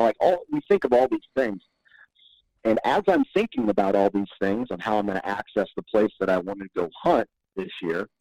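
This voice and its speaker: A man's voice: on the low side, vocal fry, a little mellow, no room sound, poor audio. A man guesting on a podcast, telling stories in a laid-back, rambling way and chuckling often. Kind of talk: casual podcast storytelling.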